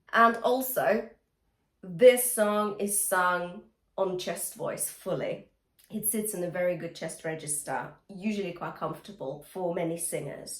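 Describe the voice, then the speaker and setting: A woman's voice: medium pitch, roomy sound. A woman vocal coach teaching singing, talking the listener through exercises and singing short demonstration lines, often checking in with the listener. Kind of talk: singing lesson with sung demonstrations.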